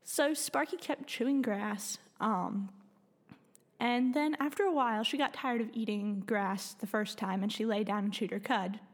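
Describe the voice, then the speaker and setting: Playful woman co-host improvising a tale, raised pitch, reverberant room. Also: measured pace. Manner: playful, giggly. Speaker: co-host, storyteller. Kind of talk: improvised storytelling.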